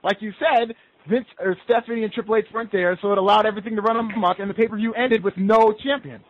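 A man's voice: high voice, steady tone, fast talker. A man on a sports talk show asking pointed questions. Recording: tinny phone-like line with faint hiss.

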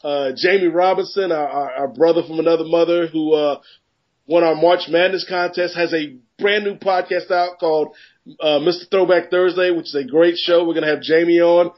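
Joking podcast host, lo-fi sound. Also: male voice, on the high side, normal speed. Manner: joking, rambling, animated riffs. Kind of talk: casual sports podcast banter. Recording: dull lo-fi podcast audio.

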